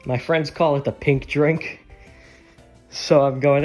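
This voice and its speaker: A man's voice: a little high, fairly even intonation, slow, a little mellow, soft background music. A man rambling candidly in a casual vlog, swearing often, his voice strained. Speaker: channel creator.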